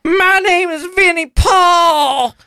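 A man doing a squeaky, whiny drunk drummer. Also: takes it slowly, bright, forceful tone, no room sound, clean studio sound, full character voice. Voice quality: high squeaky put-on voice. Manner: whiny, petulant.

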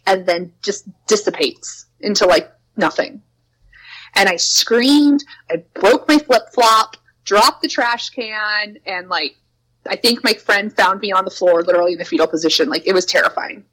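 Telling creepy stories from working at a preschool, a young woman speaks chattily, peppering her talk with "like" and voicing quotes at a higher pitch. Her voice is a bit bright on a low-quality recording.

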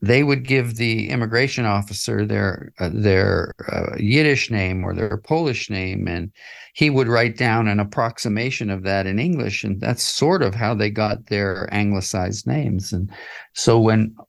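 Speaking unhurriedly in a lowish voice with vocal fry, this older interview guest looks back on his life. He's a musician and author who chuckles as he reminisces, often stumbling over fillers and starting sentences again.

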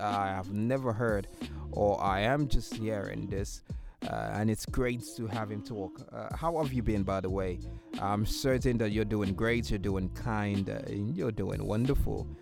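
A man with a Nigerian accent hosting a casual chat, excitable and laughing often, slipping into Yoruba. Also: fairly low pitch. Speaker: host. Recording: music playing behind.

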